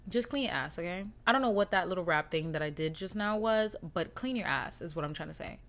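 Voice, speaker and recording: A woman's voice: lowish voice, brisk, fairly bright tone. A young woman hosting her own podcast, talking candidly and casually to her listeners with heavy cursing. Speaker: podcast host. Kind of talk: casual solo monologue.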